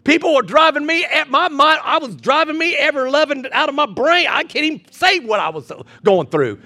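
A man preaching a sermon as pastor, building with repeated phrases and ending soft in prayer. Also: very high voice, lively intonation, moderate pace.

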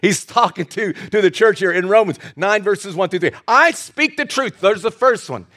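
High-voiced, animated man preaching a sermon. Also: normal speed. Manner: energetic and animated, with frequent stammered restarts and bursts of loud emphasis; folksy and humorous with the congregation. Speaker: pastor. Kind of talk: sermon with personal stories. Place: church service.

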